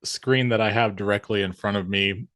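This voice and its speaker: Southern guy hosting a podcast, rambly, lots of you knows, lowish voice, dry sound. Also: fairly even intonation, moderate pace, a bit bright, dry recording. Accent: light Southern US. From American South. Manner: rambling, filler-heavy with many "you know"s. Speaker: podcast host. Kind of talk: casual conversation.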